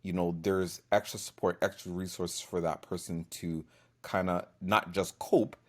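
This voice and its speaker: A man with a low voice offers advice on a podcast as a therapist. He speaks in a measured, encouraging way, with the odd "you know" and "right?". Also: flat delivery. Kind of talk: podcast discussion.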